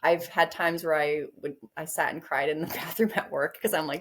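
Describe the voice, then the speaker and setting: Chatty woman with a slightly low voice. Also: fairly even intonation, moderate pace, few pauses. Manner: chatty, rambling, laughs often. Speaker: guest author. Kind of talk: casual interview chat.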